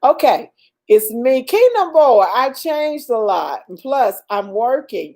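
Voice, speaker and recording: An older woman chats slowly on a home livestream, drawing out her words with a mellow, dark tone. She laughs often and sprinkles in praise and blessings as she answers viewers. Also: fairly high pitch, big pitch swings. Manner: slow, drawn-out and warmly religious, laughing often. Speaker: livestream host reading viewer comments. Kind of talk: casual livestream chat.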